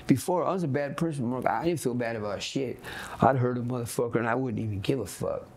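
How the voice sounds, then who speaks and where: Gravelly man with Los street talk. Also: medium pitch, fast, darkish tone, slight background noise. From Los Angeles. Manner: blunt, profane street talk, keeps asking "you know what I mean". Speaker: interviewee. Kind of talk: candid storytelling interview.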